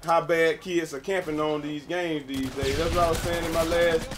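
A young man giving casual, profane gameplay commentary with a friend, excitable and breaking into sudden yells. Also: a little high, moderate pace, background noise. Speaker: gamer playing with a friend. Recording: game gunfire and explosions loud behind voice.

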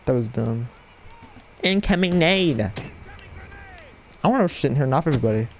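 A man giving live gameplay commentary at his computer desk at home, excitable and yelling at opponents in bursts, on a cheap mic with no windscreen. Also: mid-range voice, normal speed, a little hiss or hum. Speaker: gaming channel host. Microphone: cheap headset mic without windscreen.

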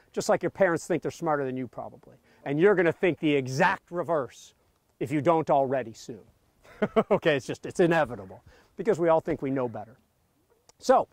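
A man with a fairly high voice leads a group across a battlefield and tells its history with lively energy. He keeps tagging his points with a quick "okay?". His voice sounds close and dry, with little room sound around it. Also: no room sound. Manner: lively storytelling, tags lines with "okay?". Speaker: battlefield tour guide. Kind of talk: outdoor history lecture to a group. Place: outdoors on a battlefield.

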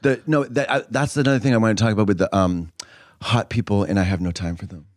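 A man's voice: on the low side, fairly even intonation, fast, dry recording, studio quality. A man co-hosting a comedy podcast, talking in a campy, sardonic way and cutting in often. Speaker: podcast co-host. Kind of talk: casual comedic chat.

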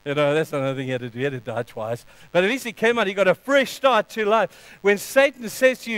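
A man preaches a sermon in a high, resonant voice. He punches key lines with sudden loud emphasis, then falls to a hushed tone. The sound is close and dry, with no room echo. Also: big pitch swings, brisk, hardly any pauses, smooth. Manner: leads a closing prayer. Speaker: pastor.

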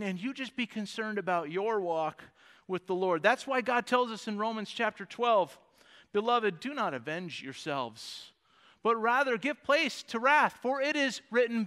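A male pastor delivers a lively sermon with a very high, bright voice. His tone is smooth and clear, and he acts out the voices he quotes. The sound rings with a long church-hall reverb. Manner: animated preaching, acts out voices of God and David. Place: church sanctuary.

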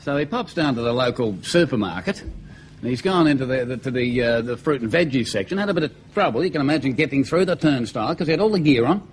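A man's voice: medium pitch, expressive, fast, a little hiss or hum, rough recording. A man with an Australian accent, a comedian telling jokes on a TV variety show and laughing at his own punchlines. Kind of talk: stand-up joke telling.

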